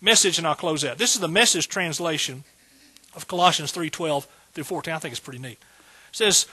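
Man, pastor preaching, bright tense voice, husky edge, folksy jokes. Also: on the high side, a little fast. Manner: folksy, joking asides, rising to emphatic bursts. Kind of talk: sermon.

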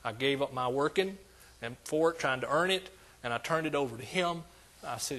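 A man's voice: medium pitch, fairly quick, a bit bright. An older man preaching a sermon as pastor, emphatic and repetitive in his cadence.

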